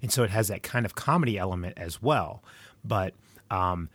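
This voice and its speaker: A man's voice: low-pitched, lively intonation, moderate pace, fairly bright tone, husky, dry recording. A middle-aged man giving movie recommendations in a casual, rambling monologue full of digressions and stories. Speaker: movie reviewer.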